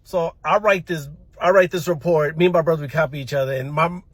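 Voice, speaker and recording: A man's voice: fairly high pitch, fairly even intonation, quick pace, husky, no room sound. A man doing stand-up comedy, telling a story from his childhood, stammering and repeating words and laughing at his own tale.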